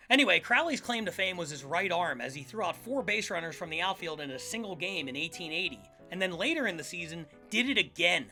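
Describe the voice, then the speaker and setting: A man's voice: sits high, sing-song, brisk, bright, forceful tone, faint music behind. A man from the Philadelphia area hosting a scripted comedic history show, full of sarcastic, jokey asides. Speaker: podcast host.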